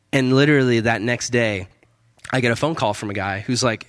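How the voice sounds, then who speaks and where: A man's voice: mid-range voice, fairly quick, no room sound. Earnest young man sharing testimony. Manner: casual and earnest, many fillers and restarts, laughs often. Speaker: missionary speaker. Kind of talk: personal testimony at a church service. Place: church service with a band.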